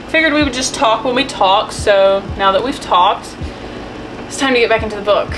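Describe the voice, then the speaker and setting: A young woman book vlogger in a casual reading vlog, talking emotionally and gushing, with frequent swearing. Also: mid-range voice.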